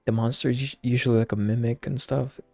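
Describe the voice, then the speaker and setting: A man's voice: mid-range voice, steady tone, quick pace, vocal fry, darkish tone, no echo, faint music behind. A young man casually recapping a movie, rambling with lots of slang and fillers. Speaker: channel host.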